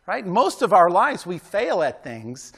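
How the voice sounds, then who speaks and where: A man delivers a sermon in a loose, chatty style, tossing "right?" out to his congregation between points. His voice sits notably high for a man. He pushes hard when he exhorts his listeners to try harder and train to win. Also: very animated, measured pace, vocal fry, a bit bright, breathy edge. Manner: conversational preaching with frequent "right?" asides; emphatic, exhorting. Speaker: pastor.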